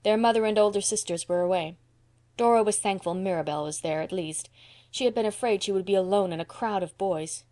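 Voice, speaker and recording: A woman reading a classic novel aloud as an audiobook narrator, measured and expressive. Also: mid-range voice. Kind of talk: scripted storybook narration.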